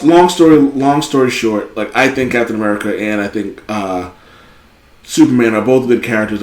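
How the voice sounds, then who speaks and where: A man hosting a podcast in casual chat, telling stories in a rambling, profane, animated way. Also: on the low side. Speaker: podcast host. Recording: echoey room.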